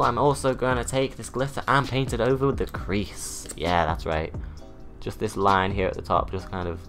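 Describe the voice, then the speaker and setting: A young British man talks his way through a get-ready-with-me makeup routine, camp and self-mocking. His voice sits fairly low but comes out bright and bold. Soft music plays faintly behind him. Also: level tone, moderate pace. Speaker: drag artist vlogger. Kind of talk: chatty get-ready-with-me tutorial.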